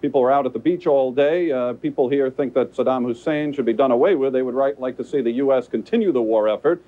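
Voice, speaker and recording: A male correspondent giving a live field report in a plain, steady delivery with some fillers. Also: medium pitch, quick pace, phone-quality sound.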